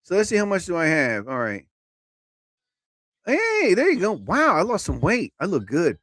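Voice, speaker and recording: A man hosting a live comedy stream. He rambles through a story in an animated way and laughs at his own jokes. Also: high voice, moderate pace, no echo, studio quality.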